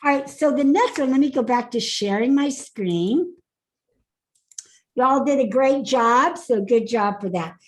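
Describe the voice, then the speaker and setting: This woman's voice sits up high as she coaches a live online class over a video call. She is upbeat, laughs easily, and keeps calling on attendees by name. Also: a little slow, poor audio. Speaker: speaking coach.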